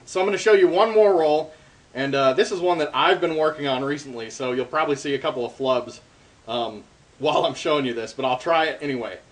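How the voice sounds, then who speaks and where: A man with a slightly high, brisk voice gives a relaxed darbuka lesson on drum rolls, explaining each step with frequent ums and uhs. Between phrases he plays the drum.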